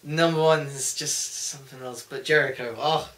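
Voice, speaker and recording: A young man co-hosting a casual chat, excitable and jokey, swearing freely. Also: medium pitch, normal speed. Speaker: co-host. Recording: echoey room, far from the mic.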